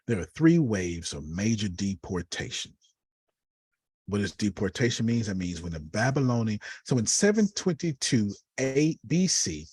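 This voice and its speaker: A man, teaching a lively, preachy Bible lesson over a video call and calling on listeners by name. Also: deep voice, husky, no room sound. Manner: uses Black church phrasing.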